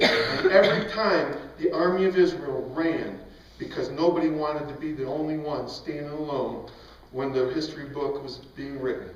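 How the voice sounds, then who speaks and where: Emphatic Christian storyteller, man, high voice, far mic in echoing hall. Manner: animated, emphatic, often laughing. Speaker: speaker at a Christian event. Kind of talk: storytelling talk. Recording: echoey hall, mic far off, dull sound.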